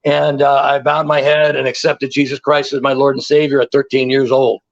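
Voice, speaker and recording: A man in his sixties, a guest telling stories in a casual interview, animated and repeating words for emphasis. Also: medium pitch, moderate pace, lo-fi sound. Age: 60s.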